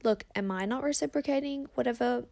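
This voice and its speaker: A woman's voice: a little high, fairly quick, creaky, darkish tone. A woman hosting a casual advice podcast, chatting in a rambling way with lots of fillers. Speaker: podcast host.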